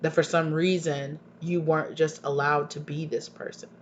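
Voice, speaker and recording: A man's voice: fairly high pitch, little pitch movement, normal speed. A man giving a tarot reading to viewers, talking earnestly and emphatically, often repeating himself and asking pointed questions. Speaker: tarot reader. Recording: dull lo-fi recording with faint hum.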